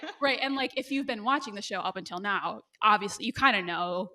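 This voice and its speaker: A woman co-hosting a podcast, recapping a TV episode in casual chat, with fillers and quick laughs. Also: medium pitch, pushed and bright.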